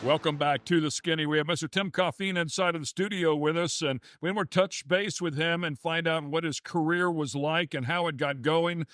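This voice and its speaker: A male host with a somewhat high voice opens the segment and introduces the guest from prepared notes. The sound is dry and close, as in a small studio. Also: steady tone, normal speed, hardly any pauses, a bit bright, no room sound, faint music behind. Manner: friendly, talks through prepared research. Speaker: talk show host. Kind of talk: show introduction and interviewing.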